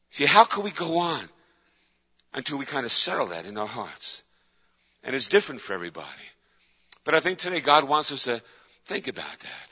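Bright-voiced man preaching in an echoey hall. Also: mid-range voice, very animated, fairly quick, long pauses, slightly rough. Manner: emphatic, repetitive preaching. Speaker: pastor. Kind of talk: sermon. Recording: echoey hall, dull lo-fi sound.

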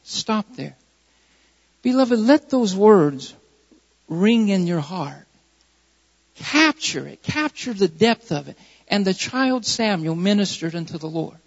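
A man's voice: high voice, animated, slow pace, long pauses, big-room sound, dull audio. A male pastor preaching a sermon, repeating key phrases with rising emphasis.

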